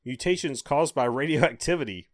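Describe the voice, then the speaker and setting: A relaxed man co-hosts a podcast in casual chat, working his way through listings and tossing in offhand remarks. His voice sits at an ordinary middle pitch. The sound is dry and close. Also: normal speed, no room sound. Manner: relaxed, reads release lists with asides. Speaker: podcast co-host.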